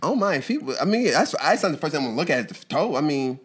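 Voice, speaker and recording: A man's voice: fairly high pitch, big pitch swings, quick pace, slightly rough. A man co-hosting a casual podcast chat, teasing and hyping up his friends. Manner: teasing, hype-man encouragement. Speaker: podcast co-host.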